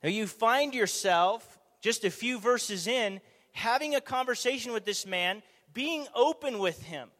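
A man preaching a conversational sermon, animated, asking the audience rhetorical questions, in a church or meeting hall. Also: very high voice, unhurried. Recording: long hall reverb.

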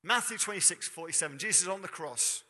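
A male preacher delivers a sermon in a ringing, sharply bright voice pitched a touch high. He keeps it conversational, throwing questions out to the congregation. His words hang in the long reverb of a church hall. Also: lively intonation, fast.

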